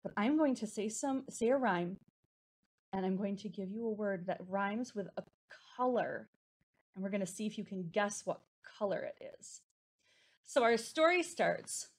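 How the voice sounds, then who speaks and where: A young woman leading a preschool storytime, with a sing-song, encouraging, slow and exaggerated delivery for small children. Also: medium pitch, lively intonation. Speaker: children's librarian.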